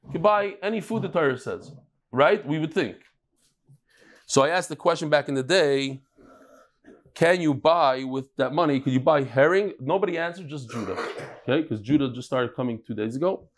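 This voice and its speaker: A man teaches a daily Talmud class to a live room. His voice sits a touch high and lively, and he stays emphatic, punching key words and tossing questions at his students. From Brooklyn, New York. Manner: animated, emphatic, quick asides and questions to the class.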